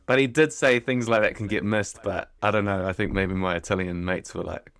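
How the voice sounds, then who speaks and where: A man with a New Zealand accent hosting a casual podcast interview, relaxed and chatty, dropping slang like "bro" and "eh". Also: on the low side, brisk, smooth. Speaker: podcast host.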